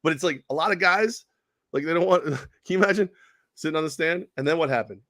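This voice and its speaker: Animated man on sports radio. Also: a little high, fast, no room sound, studio quality. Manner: animated, laughing, repeats himself. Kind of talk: casual sports talk.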